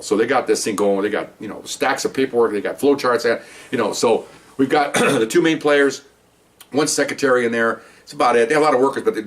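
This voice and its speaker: Rambling ex-cop telling war stories. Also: male voice, on the low side, far from the mic. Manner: rambling, conversational, lots of "you know" and "okay". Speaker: retired police officer telling stories. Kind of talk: casual storytelling.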